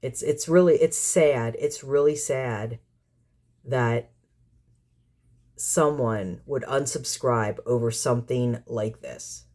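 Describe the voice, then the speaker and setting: Low-pitched and mellow, this community cat caretaker vents at the viewers of her channel in a vlog rant. She's exasperated and sarcastic, rambling and repeating herself, firing off rhetorical questions.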